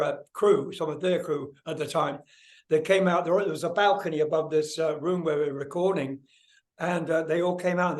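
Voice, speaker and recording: Older man telling stories with animated energy. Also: a little high. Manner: animated, swears freely, acts out voices in anecdotes. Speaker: guest musician. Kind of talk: casual storytelling interview.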